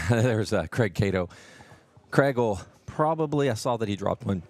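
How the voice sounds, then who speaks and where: Low-voiced guy doing casual live commentary, rambly, lots of ums and uhs, talks into his phone. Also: expressive, unhurried. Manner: rambling, explanatory, full of fillers. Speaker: tournament commentator and host.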